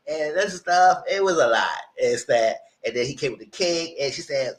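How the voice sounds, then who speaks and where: A mid-range male voice races along with hardly any pauses, captured on a rough recording. The live TV review host chats loosely through episode recaps, meandering and breaking into character voices.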